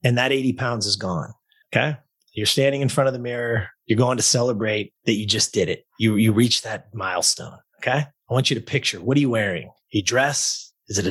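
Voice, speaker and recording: A man working as a fitness and life coach, telling a story in a podcast interview in a blunt, profane, energetic way. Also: medium pitch, slightly rough.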